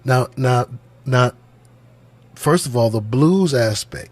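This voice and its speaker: A man giving spoken religious commentary on song lyrics, talking in a deliberate, musing, sermon-like way and circling back to repeat his points. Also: medium pitch, lively intonation, dry recording. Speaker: channel host, religious music commentator.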